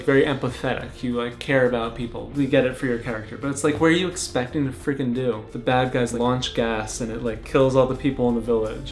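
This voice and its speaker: A young man reviewing a movie in a casual vlog rant, sarcastic and exasperated, breaking into mock character voices. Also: mid-range voice. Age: young adult.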